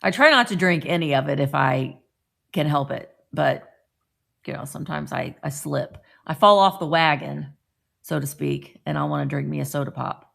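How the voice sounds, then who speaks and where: A woman's voice: sits low, moderate pace, vocal fry, fairly bright tone. A middle-aged woman from Indiana hosting a casual live stream, chatting and greeting viewers by name.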